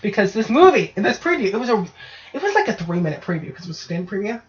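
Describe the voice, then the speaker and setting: A woman's voice: mid-range voice, fast. A woman hosting a casual podcast, ranting and telling stories with plenty of swearing. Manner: profane, ranting, animated storytelling. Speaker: podcast host. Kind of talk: casual chat. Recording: dull lo-fi podcast audio.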